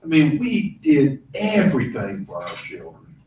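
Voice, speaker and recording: A man's voice: medium pitch, huge pitch swings, a little slow, darkish tone. A man taking part in a Bible study discussion, speaking thoughtfully and often trailing off while searching for words. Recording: echoey room, distant mic, faint noise.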